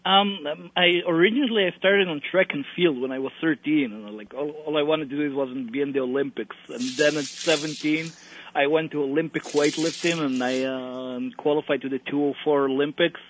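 A young man from Israel, a bodybuilder being interviewed, speaking casually in English with halting restarts and phrasing. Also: fairly high pitch, a bit bright, slight background noise. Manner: halting, many restarts, plain non-native phrasing. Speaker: guest bodybuilder. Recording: tinny phone-like line, dry.

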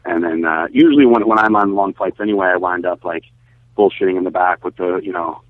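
A man's voice: low voice, fairly quick, no echo, phone-quality sound. A man co-hosting a casual podcast, talking loosely with lots of likes and ums. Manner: filler-heavy, loose talk with many likes and ums. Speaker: podcast co-host. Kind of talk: casual chat.

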